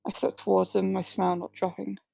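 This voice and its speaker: Female author, live reading of her own fiction, very gravelly dark tone, dry close sound. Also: mid-range voice, flat delivery, brisk, dry recording, poor audio. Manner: plain reading with slips and restarts, few distinct character voices.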